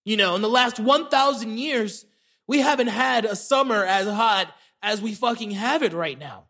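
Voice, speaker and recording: A man's voice: high voice, expressive, moderate pace, pushed and bright. A man hosting a solo comedy podcast, ranting in an indignant, profane way. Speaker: podcast host.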